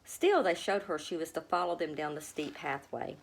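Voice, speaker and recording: A woman reading a children's storybook aloud, with a gentle, expressive manner. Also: low-pitched, normal speed, creaky. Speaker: storybook reader. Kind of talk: storybook read-aloud narration.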